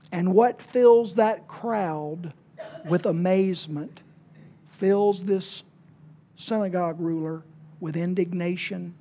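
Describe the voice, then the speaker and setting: A woman preacher, giving a sermon with folksy humor and dramatic swings between hushed and loud emphasis. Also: lowish voice, slight background noise. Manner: folksy and humorous, with playful asides.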